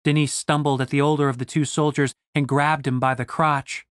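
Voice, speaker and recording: A man narrating an audiobook in a wry, expressive way. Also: on the high side, brisk, dry recording, clean studio sound.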